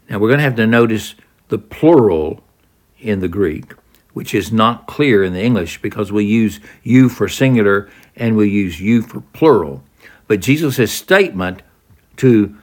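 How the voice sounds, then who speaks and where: A man teaching a Bible passage, retelling it slowly as a story and acting out the quoted words. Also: medium pitch, husky. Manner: slow, lively storytelling with dramatized quotes. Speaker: preacher.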